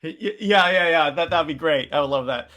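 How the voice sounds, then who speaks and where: Excited bright-voiced man podcaster. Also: fairly high pitch, a little fast. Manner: excited, stammering restarts, acts out quotes. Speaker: podcast co-host. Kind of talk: casual chat.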